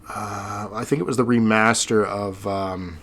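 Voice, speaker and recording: Low-voiced man in rambling podcast chat. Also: fairly even intonation, a little slow, fairly bright tone. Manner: rambling, sentimental, frequent fillers. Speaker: podcast host.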